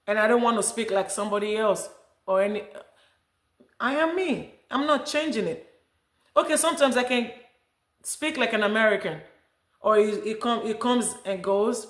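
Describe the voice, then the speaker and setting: A woman's voice: mid-range voice, normal speed, pauses often, roomy sound. A middle-aged woman from Nigeria with a Nigerian accent, chatting casually and animatedly to her viewers about her travels. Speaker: vlogger.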